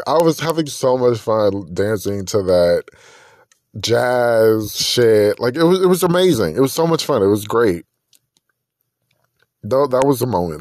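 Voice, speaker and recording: A man hosting a casual solo podcast, gushing with excitement and swearing freely. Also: on the low side, no echo. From not from Texas. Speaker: podcast host.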